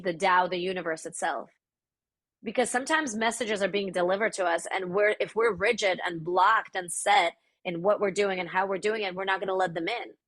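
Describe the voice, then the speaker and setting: A woman's voice: mid-range voice, fairly bright tone. A woman from the Soviet Union whose first language is Russian, a podcast guest speaking in a thoughtful, searching way. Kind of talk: reflective conversational interview.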